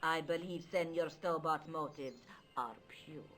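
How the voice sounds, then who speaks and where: An actress voicing a proud, formal countess in a video game, with an imperious, dramatic manner. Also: female voice, low voice, unhurried, a bit bright. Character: proud Spanish countess, haughty, bitter, later hopeful.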